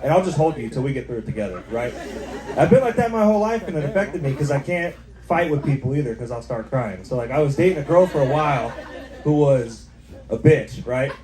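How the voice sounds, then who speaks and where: The audio is echoey and noisy, capturing a young male comedian's stand-up set at a bar with a live audience. His mid-range voice has lively intonation and moves fairly quickly as he rambles, dropping "like" and "right?" all over. A crowd can be heard behind him.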